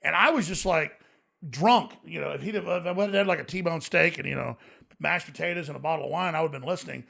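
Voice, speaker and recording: A man rattles through rambling, profane stories as a podcast guest. His voice is heavily gravelly and fried, but it has a bright, forceful edge. He talks at a fast clip. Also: on the high side. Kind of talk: casual podcast chat. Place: podcast studio.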